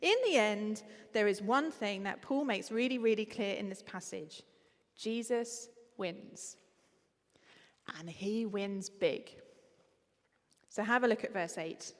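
A woman with an Essex accent preaching a sermon in a conversational, lively way, with frequent ums. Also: medium pitch, slow pace, big-room sound.

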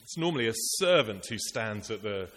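A man's voice: on the low side, expressive, normal speed, fairly bright tone. A man preaching a sermon, earnest and rhetorical, building his points through repetition and lists. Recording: echoey hall with faint hiss.

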